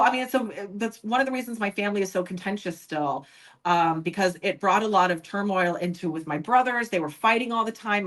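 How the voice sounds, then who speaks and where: A woman's voice: mid-range voice, a bit bright, low-quality recording. A woman guest on a podcast, speaking candidly about her past and acting out other people's lines when she quotes them. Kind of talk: personal storytelling in an interview.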